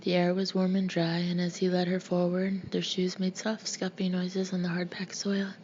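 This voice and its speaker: A woman reading a novel aloud in a measured, even manner. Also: fairly low pitch. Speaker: audiobook reader. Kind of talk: scripted narration. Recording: muffled lo-fi recording with faint hiss.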